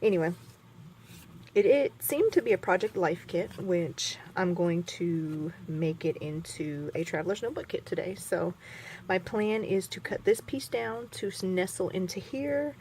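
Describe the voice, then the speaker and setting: A woman's voice: on the low side, measured pace, darkish tone, slight background noise. Rambling chatty woman crafting at home. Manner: rambling, chatty, self-mocking, many fillers. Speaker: scrapbooking vlogger. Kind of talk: casual crafting chat.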